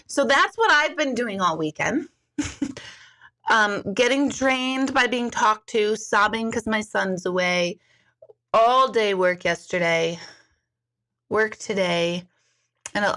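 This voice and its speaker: A woman's voice: medium pitch, sharp tone. A woman in her forties chatting candidly on a live stream, rambling with many fillers and jumping into exaggerated quoted voices. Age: 40s. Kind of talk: casual live-stream chat.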